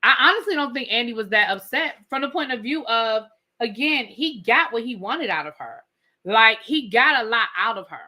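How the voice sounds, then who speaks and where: A woman's voice: on the high side, lively intonation, moderate pace, sharp tone. A woman hosting a live rant-and-review of a reality show, talking emphatically, repeating her points and swearing freely.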